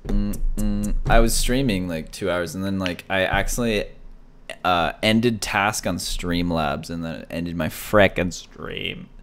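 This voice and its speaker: Excitable man chatting while gaming. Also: deep voice, a little slow, smooth. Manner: excitable, blurts short reactions. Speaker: gaming YouTuber and streamer. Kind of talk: casual gaming chat on a voice call.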